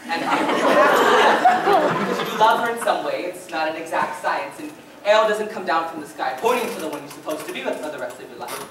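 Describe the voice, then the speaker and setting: A woman's voice: low voice, very animated, fairly quick, a crowd in the background. A young woman on a school stage playing a wistful male musical fan who rambles in confiding asides to the audience. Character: wistful middle-aged male theatre fan narrating. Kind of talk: high school musical theatre. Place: school stage in a large hall. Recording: echoey auditorium taped from far off. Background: audience laughter and hiss.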